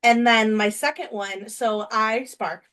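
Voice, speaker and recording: A woman's voice: on the high side, fairly even intonation, measured pace, fairly bright tone. A woman co-hosting a casual chat, telling a story in a bubbly, enthusiastic way. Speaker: podcast co-host.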